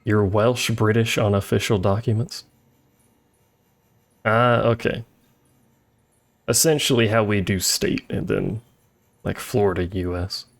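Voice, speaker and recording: Gravelly man chatting over gameplay. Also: fairly low pitch, fairly even intonation, a little slow, long pauses. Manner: joking, chatty, talks to chat. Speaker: streamer. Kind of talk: casual gameplay commentary. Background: faint game music.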